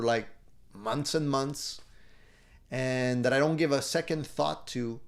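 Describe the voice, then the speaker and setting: A middle-aged man hosting a live stream, reading viewer comments aloud and answering them in an upbeat, encouraging way, chuckling often. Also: on the high side. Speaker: live show host.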